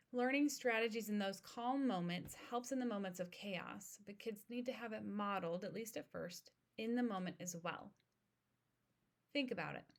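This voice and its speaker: A woman in her thirties hosting an educational podcast, speaking in a calm, steady, instructive way. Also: medium pitch. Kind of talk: informational podcast monologue.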